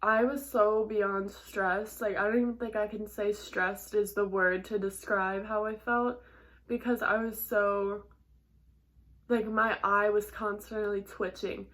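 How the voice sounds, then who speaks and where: A young woman vlogger telling a stressful travel story in a chatty, animated way, full of "like" and quick laughs. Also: medium pitch. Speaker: model and vlogger. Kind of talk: casual storytelling to camera.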